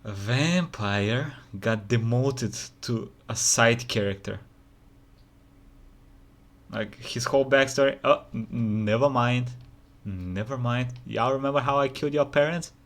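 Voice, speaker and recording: Man, casual reaction commentary, incredulous, mid-pitched voice, rhetorical ranting. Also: measured pace. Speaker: reaction video host.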